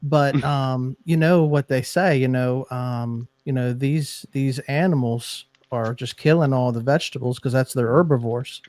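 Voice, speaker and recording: A man's voice: medium pitch, steady tone, measured pace, few pauses, darkish tone, no room sound. A man, a podcast co-host who jokes playfully in casual chat. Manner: joking, playful.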